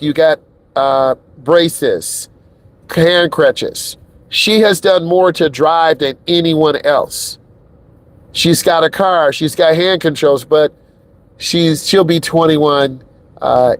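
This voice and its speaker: A middle-aged man, a driving instructor, talking casually and emphatically while driving a car. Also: fairly high pitch. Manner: emphatic and repetitive, chatty. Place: inside a car.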